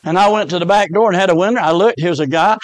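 High-voiced preacher telling stories. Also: male voice, racing, no echo. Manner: folksy preaching, rising to shouts and amens. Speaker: pastor. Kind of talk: storytelling sermon.

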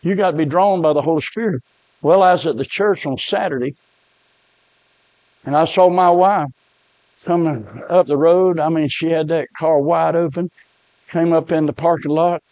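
Preacher telling stories from the pulpit. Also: male voice, a little high, normal speed, long pauses, a little mellow, dry recording. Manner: emotional storytelling preacher. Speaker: pastor. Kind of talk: sermon.

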